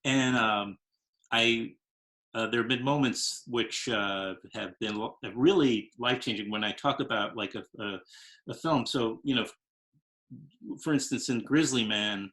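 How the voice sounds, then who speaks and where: Man in his fifties, show host, bright edgy tone, rambling and hesitant. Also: medium pitch, unhurried. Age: 50s. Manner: rambling, hesitant, full of restarts. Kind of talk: interview conversation.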